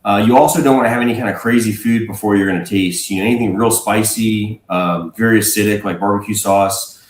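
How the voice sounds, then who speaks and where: A man's voice: fairly low pitch, fast talker. Roomy-sounding man talking casually. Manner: relaxed, rambling, frequent fillers and restarts. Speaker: guest whiskey blender. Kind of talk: casual livestream talk. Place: home.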